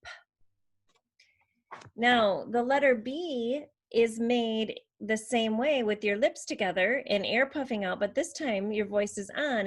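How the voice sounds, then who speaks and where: Woman speech therapist, mid-pitched, patient, clear teaching voice for a demo video. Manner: clear, patient explaining with modeled speech sounds. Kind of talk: instructional demonstration.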